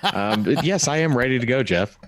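A man's voice: mid-range voice, lively intonation, a little fast. A man co-hosting a podcast in casual chat, with dry, wry asides. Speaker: podcast co-host.

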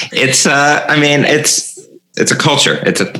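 A man hosting a comedy podcast in casual chat, laughing a lot and speaking in halting phrases. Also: fairly high pitch, lively intonation, bright, forceful tone, low-quality recording. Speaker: podcast host.

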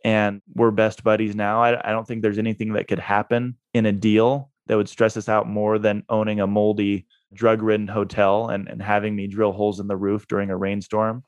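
Male guest, low easygoing voice, casual storyteller, dry close recording. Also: little pitch movement, moderate pace, few pauses, no echo, lo-fi sound. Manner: laid-back, laughs through his own story. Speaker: guest, real estate investor.

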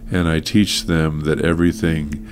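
A man talking earnestly in a casual conversation about teaching and counseling, halting with many fillers. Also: rumbling low, little pitch movement, over loud music.

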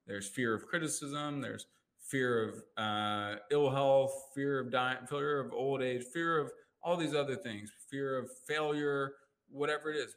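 A man talking as a life coach in a casual interview. He explains his methods in an animated way and acts out inner voices with jumps in pitch. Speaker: life coach and NLP practitioner.

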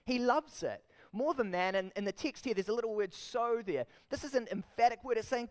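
A man with a New Zealand accent delivers a sermon in a high, light voice. He preaches with lively emphasis, often turning to the congregation with rhetorical questions. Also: a little fast, hardly any pauses. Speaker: pastor.

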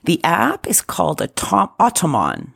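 A woman's voice: fairly low pitch, huge pitch swings, unhurried, gravelly, slightly rough. A woman co-hosting a casual chat, who explains things step by step and laughs often. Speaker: podcast co-host.

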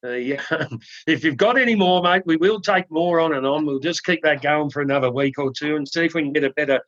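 A man co-hosting a podcast, telling a joke in a relaxed, halting way with many ums and restarts. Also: a little high, no room sound. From Australia. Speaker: podcast co-host. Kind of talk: casual chat, telling a joke. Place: home studio in the UK. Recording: dry, slightly dull sound.

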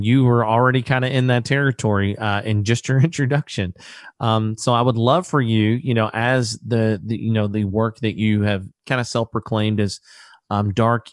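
A man hosting a relaxed interview, chatting casually and acting out stories with quoted voices. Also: on the low side, no room sound, studio quality. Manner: animated storyteller, acts out quoted voices. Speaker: podcast host.

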